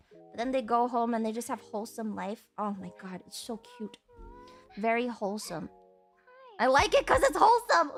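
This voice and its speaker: A young woman streaming and chatting casually while crafting, animated and giggly, swearing casually. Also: sits high. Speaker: VTuber streamer.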